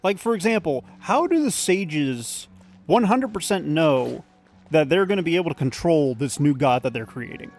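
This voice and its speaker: Male let's-play host, slightly high, chatty and opinionated, faint game music underneath. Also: lively intonation, moderate pace, darkish tone. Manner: rambling, opinionated, swears casually. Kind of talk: casual gameplay commentary.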